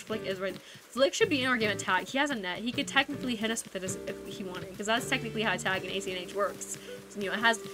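A woman streaming a video game, chatting casually with viewers in a playful, teasing way. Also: on the high side. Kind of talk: casual live-stream chat while playing a game. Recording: game music playing behind the voice. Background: video game background music.

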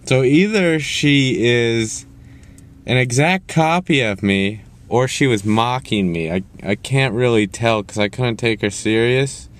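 A man's voice: medium pitch, expressive, unhurried. A young man ranting casually to camera, rambling and cursing as he jumps around in his story. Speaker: vlogger.

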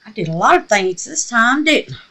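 A woman's voice: on the high side, very animated, brisk, pushed and bright. A woman with a slightly scratchy voice, chatting casually and gushing as she walks viewers through a craft project. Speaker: resin craft vlogger. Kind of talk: casual crafting tutorial chat.

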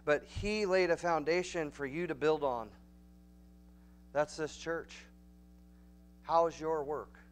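A man with a Texan accent preaching a Bible study in a church, folksy and emphatic, building to loud, urgent peaks. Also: a little high, slow, long pauses. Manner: folksy, emphatic, rising to near-shouting peaks. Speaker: pastor. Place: church sanctuary.

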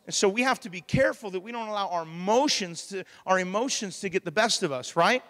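Pastor, 40s, bright high voice, sermon in a reverberant church hall. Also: male voice, fast. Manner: animated, plays out quoted voices, laughs often.

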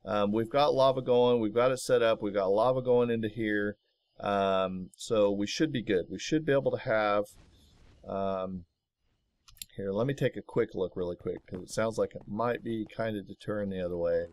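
A man's voice: on the low side, moderate pace, a little mellow, dry recording. A man hosting a let's play, talking casually to himself as he builds and getting easily aggravated, recorded in his home office. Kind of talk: casual gameplay commentary.

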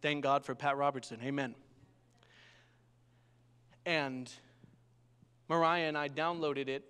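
A young male pastor preaches slowly in a clean tone, recounting his sermon as a lively story and often asking for an amen. For a man his pitch is fairly high, and the sound rings with long reverb from a large church hall.

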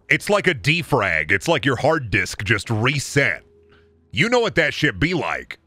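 A man's voice: mid-range voice, very animated, measured pace, pushed and bright, no echo. A man in his late twenties from Iowa with a Midwestern accent, rambling crudely and joking through a casual game stream, tired from little sleep. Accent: Midwestern American. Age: 20s. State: sleep-deprived. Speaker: gaming streamer. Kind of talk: casual livestream commentary.

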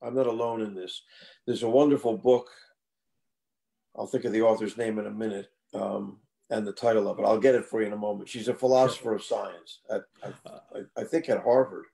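A man's voice: on the low side, fairly even intonation, brisk, vocal fry, warm tone. An older man answering interview questions about his book in a thoughtful, conversational way, often restarting and repeating words as he thinks. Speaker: author guest.

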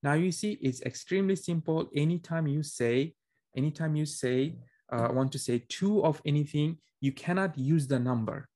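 A man's voice: on the high side, normal speed, mellow. Man teaching a class, questioning often. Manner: explains with repeated questions to students; frequent restarts and fillers, conversational. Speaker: Arabic teacher. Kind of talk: classroom lecture.

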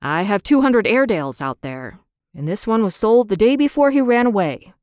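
A woman's voice: mid-range voice, lively intonation, normal speed, darkish tone, no room sound, clean studio sound, lightly acted. A woman voicing a polite, embarrassed middle-aged man who breeds dogs, in a storybook reading. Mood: uneasy. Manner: respectful, apologetic, plain-spoken.

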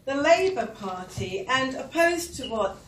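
A woman speaks earnestly at a meeting, her voice fairly high and picked up from a distance. She builds her points steadily and drops wry asides. The hall rings around her, with a faint hiss underneath. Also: sing-song, unhurried. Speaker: public speaker. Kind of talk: speech at a political meeting. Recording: echoey hall, mic from far off, faint noise.

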